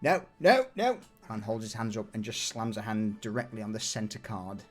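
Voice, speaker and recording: A man running a tabletop game as game master, narrating a scene in a relaxed way with many fillers. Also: on the low side, fairly quick, faint music behind.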